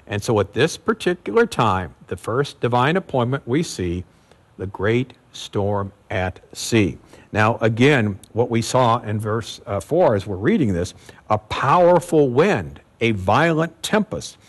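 A man's voice: fairly low pitch, lively intonation, measured pace, breathy edge. A male pastor giving an expository sermon, teaching in a conversational way with emphatic repetition and occasional fillers.

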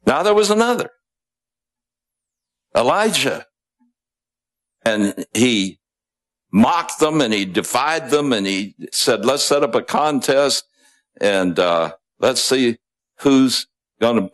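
A man's voice: mid-range voice, big pitch swings, slow pace, pauses often. A man preaching a sermon, retelling a story in a conversational way with asides and small chuckles.

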